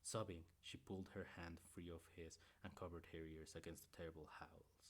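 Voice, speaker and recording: A man with a deep, low voice reads a novel aloud for his stream. He often trips over words and goes back to correct himself mid-sentence. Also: flat delivery, a little fast. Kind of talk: reading a book aloud.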